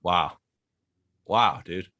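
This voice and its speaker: A man's voice: deep voice, extremely slow, sharp tone. A man in his twenties co-hosting a casual podcast, earnest and eager, talking in long runs. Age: 20s. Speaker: podcast co-host.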